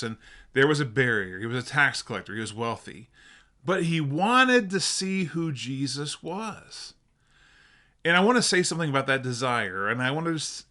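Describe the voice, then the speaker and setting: A man preaching a sermon as pastor, earnest and emphatic, slowing down on stressed phrases. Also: medium pitch, bright, forceful tone.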